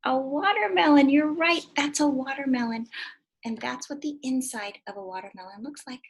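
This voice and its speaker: A woman teacher leads a read-aloud lesson for little children, lively and questioning. Her voice sits a little high and has a breathy, husky edge. She slips into whispers now and then. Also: normal speed. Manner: animated, asks children questions, drops to whispers.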